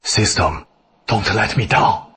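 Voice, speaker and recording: An actor voicing a calm young hero in a drama dub, musing modestly to himself. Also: male voice, lowish voice, slow pace, slight background noise. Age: young adult. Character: calm young man, secret cultivator hero. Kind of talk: English dub of a short drama.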